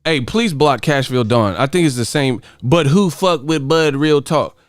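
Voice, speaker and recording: Boxing vlogger, male, lively swinging delivery, dry close mic, cussing and exasperated. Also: medium pitch, moderate pace, no echo. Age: adult. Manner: exasperated, profane, laughing riffs. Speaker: boxing channel host. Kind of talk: casual livestream commentary on chat.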